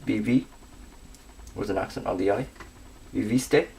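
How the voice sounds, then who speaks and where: A young man giving a scripted grammar lesson, working through verb endings slowly and methodically. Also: fairly low pitch, creaky, a little mellow, a little hiss or hum. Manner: methodical, reads conjugations slowly with pauses.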